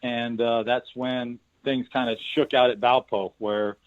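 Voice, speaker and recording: A man's voice: mid-range voice, little pitch movement, unhurried. Middle-aged man telling stories over a tinny line. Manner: rambling, repeats words and restarts. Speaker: basketball coach, interview guest. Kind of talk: casual storytelling interview. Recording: tinny phone-line sound.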